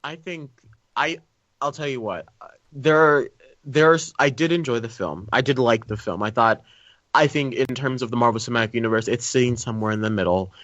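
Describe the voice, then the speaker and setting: A man hosting a casual podcast about films, talking in quick, animated bursts with a sarcastic edge. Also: medium pitch, dry recording. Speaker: podcast host. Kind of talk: casual film review chat. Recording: dry, slightly dull sound.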